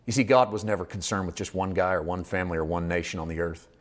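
A man preaching a sermon at a church service, impassioned and shifting from quiet intimacy to loud shouting. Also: low voice, fairly even intonation, fast talker.

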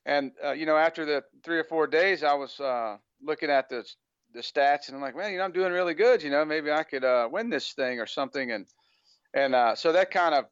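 An American man with a slightly raised pitch and a smooth, clean voice, chatting casually as a podcast guest. He rambles loosely and leans on "you know" between phrases. The audio is dull and lo-fi, as if over a remote call, with a dry, close sound. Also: brisk, no room sound. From United States. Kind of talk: casual interview chat.

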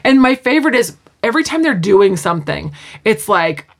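A woman co-host chatting casually on a podcast. She retells scenes with animation, slipping into the characters' lines as she goes. Her voice sits at an ordinary middle pitch. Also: brisk. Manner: animated retelling, acts out quotes. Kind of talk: casual chat.

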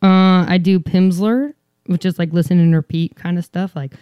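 A woman guest in casual chat, animated and self-mocking, swearing freely. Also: on the low side, moderate pace, clear, resonant tone, dry recording, lo-fi sound.

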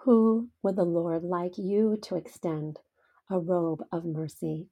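A woman's voice: on the low side, fairly even intonation, takes it slowly, mellow, slightly rough. A middle-aged woman hosting a devotional podcast, telling stories in an earnest, heartfelt way. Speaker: podcast host.

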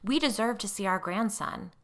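A woman voicing a nervous, defensive grandmother who speaks in a shaky, hushed way, in a storybook reading. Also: medium pitch, animated, moderate pace, voice pushed up, natural voice. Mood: insistent.

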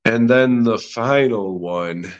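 A man's voice: medium pitch, slow pace, highs cut off. A man in his thirties hosting a podcast, ranting about movies in a profane, rambling, sarcastic way. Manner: profane and rambling, heavy swearing; sarcastic, mocking. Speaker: podcast host. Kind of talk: casual movie review rant.

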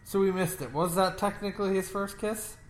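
A man's voice: sits high, brisk, roomy sound. A man chatting casually over a game, teasing his friend with jokes. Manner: teasing, jokey, laughs a lot. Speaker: game player. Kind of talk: casual let's-play chat.

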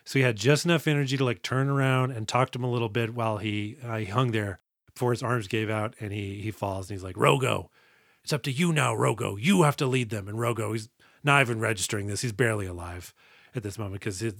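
A man's voice: fairly low pitch, fast talker, creaky, a bit bright, no echo, clean studio sound. A man co-hosting a podcast, casually recapping a movie and jokingly acting out the characters' lines. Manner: joking, acts out quotes. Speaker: podcast co-host.

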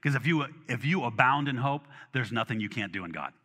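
A man delivers a sermon with a lively, swinging pitch and a bright, forceful tone. He talks conversationally, restarting phrases and repeating words. His voice rings in a large hall with long reverb and drifts off-mic at times. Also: a little fast. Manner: animated and conversational, with restarts and acted asides. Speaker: pastor.

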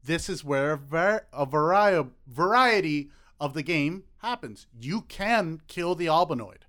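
A man's voice: on the high side, expressive, unhurried, a bit bright. A man co-hosting a casual podcast, talking in a blunt, crude, joking way. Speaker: podcast co-host.

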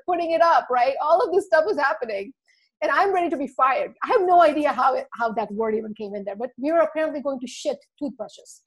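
A woman podcast guest telling an animated story, acting out quotes and laughing often. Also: high-pitched, a little fast. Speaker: podcast guest, marketing speaker.

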